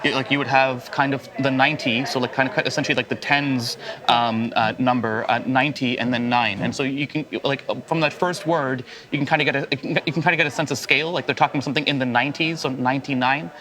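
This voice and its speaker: A man hosting an interview, talking in an excitable, rambling way with many fillers and restarts. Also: mid-range voice, quick pace, a crowd in the background. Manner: excitable, enthusiastic. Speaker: podcast host. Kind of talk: casual interview chat.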